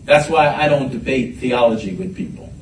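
A man preaching a sermon to a congregation, animated and repeating his words as he rises to shouts. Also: mid-range voice, normal speed, slight background noise. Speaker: pastor. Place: church sanctuary. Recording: echoey room from a distance.

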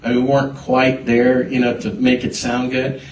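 A man preaching a sermon, telling a personal story with halting restarts before building to emphatic points. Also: medium pitch, completely flat delivery, a little hiss or hum. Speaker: pastor. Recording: echoey hall, voice from a distance.

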